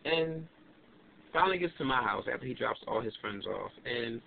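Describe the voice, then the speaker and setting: A young adult man vlogging, telling a story in an animated, emphatic and indignant way. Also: mid-range voice, quick pace, gravelly. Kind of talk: casual ranting storytelling. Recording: tinny lo-fi webcam audio with faint hiss.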